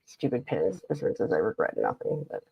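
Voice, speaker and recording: A woman hosts a casual livestream, rambling and reading chat aloud between laughs. Her voice is gravelly and husky with a stuffy nose, and her pitch swings widely. The sound is dry and somewhat muffled. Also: wildly swooping pitch, a little fast, no echo. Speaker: livestream host.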